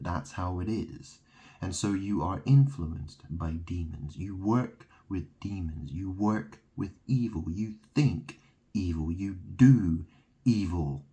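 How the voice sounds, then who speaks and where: A man's voice: low voice, dark tone. A man giving a rambling, insistent monologue, piling up wordplay and asking "okay?" again and again. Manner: insistent, repeats "okay?", plays on word sounds. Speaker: self-styled religious speaker.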